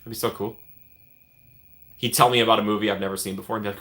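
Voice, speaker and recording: Talking fast, a man hosts a casual live stream in a somewhat low voice with a bright, forceful edge. He's upbeat and chatty, reading the incoming comments and responding to viewers by name.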